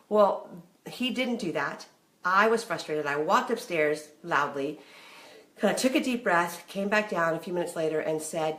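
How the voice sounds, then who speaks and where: A woman's voice: medium pitch, lively intonation, normal speed, reverberant. A middle-aged woman giving candid, chatty marriage advice to camera and acting out bits of remembered conversations. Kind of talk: casual talk to camera.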